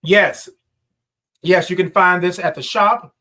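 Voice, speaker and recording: Man, livestream host, high voice, calls out viewers by name, sings long greetings. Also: fairly even intonation, takes it slowly, bright, forceful tone. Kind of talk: casual morning livestream chat.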